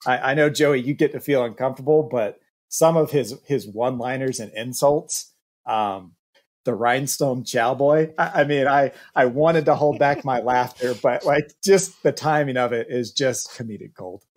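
A man's voice: mid-range voice, normal speed. Rambling, enthusiastic male podcast guest. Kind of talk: casual podcast chat.

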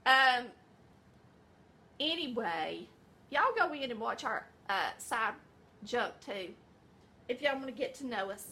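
Middle-aged Southern woman vlogging from her kitchen, high and bright, tired, rambling and folksy. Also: expressive, takes it slowly, pauses often. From American South. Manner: folksy, rambling, says y'all and honey. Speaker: vlog host, home cook. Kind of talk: casual chatty vlog. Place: home kitchen, indoors.

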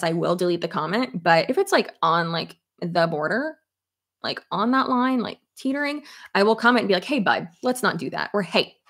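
Chatty, swearing woman with a gravelly voice. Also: on the low side. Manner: chatty, animated, swears casually, many "like" fillers. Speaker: commentary YouTuber. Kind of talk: casual commentary chat, reading live comments.

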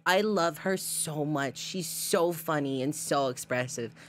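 A woman's voice: deep voice, a little slow, a little hiss or hum. A young adult woman streamer in casual live-stream chat, reading her chat aloud and gushing over clips she shows.

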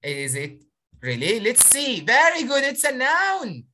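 A woman's voice: on the high side, wildly swooping pitch, a little slow, pushed and bright, a little hiss or hum. A woman teaching an online spelling lesson on a video call, encouraging her pupils and sounding out syllables.

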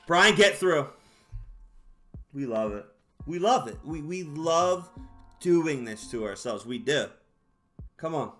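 A man commentating his own baseball video game, excitable and exasperated, shouting at his players. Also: a little high, takes it slowly, pauses often, faint music behind. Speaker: gaming YouTuber. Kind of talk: live gameplay commentary.

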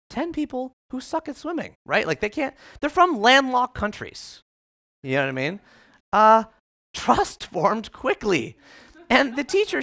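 Brief: motivational speaker, man, lively storytelling, bright, dry close sound. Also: high voice, no room sound. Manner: animated, conversational, many filler "like"s. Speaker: keynote speaker. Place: live audience event in an office.

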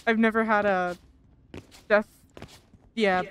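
A young woman streaming a shooter game, chatting casually with teammates, excitable and quick to laugh and swear. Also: medium pitch, a little hiss or hum. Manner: excitable, laughs often, swears while playing. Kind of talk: casual gaming chat. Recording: game music underneath.

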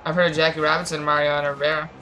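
A woman's voice: deep voice, little pitch movement, very fast, crowd noise. A woman co-hosting a let's play, teasing her friends in casual gaming banter. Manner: teasing, joking, often laughing. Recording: noisy mic recording.

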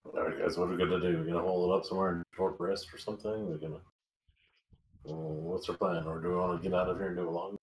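A man chatting casually as a tabletop game player, thinking out loud and asking questions. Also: low-pitched, level tone, quick pace, slight background noise. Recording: echoey room.

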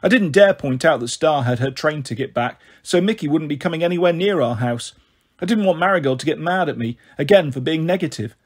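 Male audiobook reader, slightly high, husky timbre. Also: lively intonation, a little fast. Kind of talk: reading a novel aloud.

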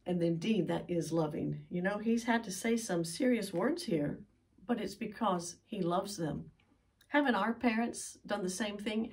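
A woman's voice: fairly low pitch, distant mic. An older woman giving an earnest, pleading sermon as a Bible teacher, with emphatic sighs of "oh".

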